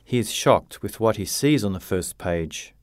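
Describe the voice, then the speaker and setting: A man narrates a simple story at a deliberate pace, with a clear, plain delivery. His pitch sits in the middle but moves in lively rises and falls. The sound is dry and close. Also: no room sound. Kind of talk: slow graded-reader story narration.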